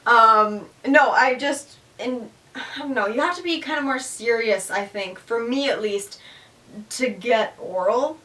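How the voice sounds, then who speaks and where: A woman's voice: on the high side, measured pace, bright, forceful tone. Giggly young woman, off-mic. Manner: frank, giggly, says "like" a lot. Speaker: podcast co-host. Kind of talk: casual chat. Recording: distant from the mic.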